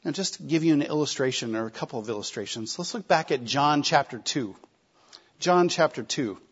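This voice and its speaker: A man preaching a sermon, emphatic, with rhetorical questions and shifting loudness. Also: fairly high pitch, animated, fairly quick, husky. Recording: slightly dull lo-fi recording.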